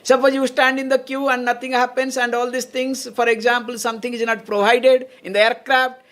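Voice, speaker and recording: Woman giving a lively spiritual lecture. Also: fairly high pitch, fairly quick. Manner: checks in with listeners often, laughs between points. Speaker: swami teaching Vedanta.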